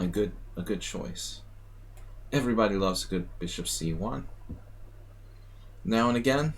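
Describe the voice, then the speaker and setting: A man from the United States with a lowish voice streams a chess simul, giving live commentary as he plays. He is unhurried, with long pauses, muttering and mocking himself as he thinks aloud.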